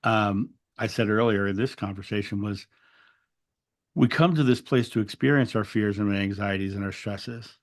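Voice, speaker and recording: A man's voice: fairly low pitch, moderate pace. A man telling a spiritual story in an interview, earnest and reflective, often restarting his words. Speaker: interview guest.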